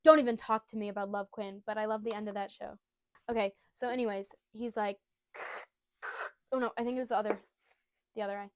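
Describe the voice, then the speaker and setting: A woman's voice: medium pitch, steady tone, brisk, pauses often, no room sound. A woman casually retelling a comic chapter, bubbly and rambling, full of jokey asides. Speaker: storyteller recapping a manga.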